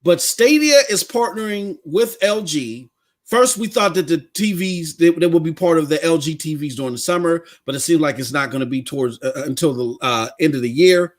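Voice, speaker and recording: A man hosting a casual gaming podcast, talking in an excited, slangy way and reading news articles aloud with asides. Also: on the high side, normal speed. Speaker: podcast host.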